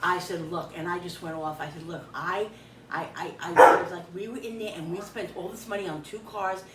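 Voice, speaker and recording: A middle-aged woman chats while cooking in her kitchen, retelling a frustrating story in an animated, exasperated way and acting out the other people in it. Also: fairly low pitch, brisk. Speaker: cooking vlogger. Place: home kitchen. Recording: echoey room, distant mic, background hum.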